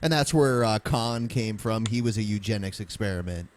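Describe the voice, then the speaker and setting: A man hosting a casual podcast, lively and animated as he explains things. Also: on the low side, moderate pace. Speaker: podcast host.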